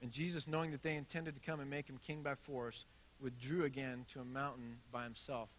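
A man's voice: mid-range voice, level tone, brisk, muffled recording, a little hiss or hum. A man preaching a sermon in a casual, conversational way, reading scripture and acting out the crowd's reactions. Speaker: pastor.

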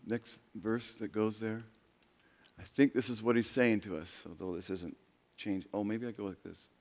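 A pastor preaching a sermon, swinging from quiet, low talk to loud, raised passages. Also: male voice, steady tone, normal speed. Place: church sanctuary. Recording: long reverb of a large hall.

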